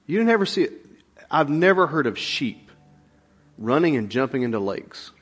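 A man's voice: mid-range voice, very animated, moderate pace, fairly bright tone, husky. A man giving a rambling, folksy sermon full of stories and fillers. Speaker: pastor. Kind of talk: conversational sermon.

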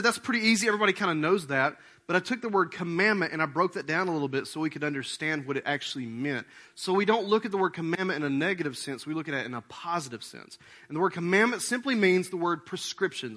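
A man's voice: fairly high pitch, pushed and bright. A male pastor preaching a conversational sermon to his congregation, often checking in with questions. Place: church sanctuary with congregation.

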